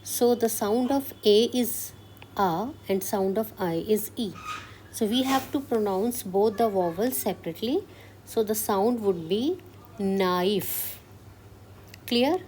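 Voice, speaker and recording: A woman teaching French step by step and often checking with "Clear?", switching between English and Hindi. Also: mid-range voice, animated, unhurried, dark tone, slight background noise. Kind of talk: classroom-style language lesson.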